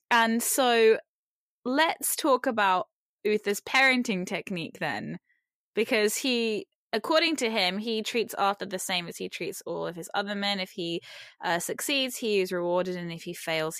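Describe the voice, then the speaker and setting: A woman's voice: medium pitch, unhurried, fairly bright tone, no room sound, clean studio sound. A woman co-hosting a casual chat show, talking loosely with lots of "like" and frequent laughter. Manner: chatty, lots of "like", laughs often. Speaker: podcast co-host.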